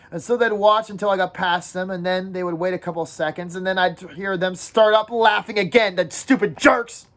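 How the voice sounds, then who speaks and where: A woman teacher reading a novel aloud in first person to her class, pausing to talk to her students and ask them questions. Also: mid-range voice.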